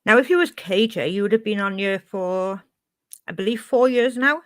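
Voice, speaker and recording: A woman's voice: mid-range voice, normal speed, a bit bright. A woman with a Welsh accent chatting casually on a live stream, reading out and answering her chat.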